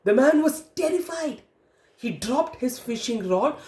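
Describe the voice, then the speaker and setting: Woman, children's storyteller, interactive, asks questions, unhurried pace, roomy echo. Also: sits high, expressive, a little mellow.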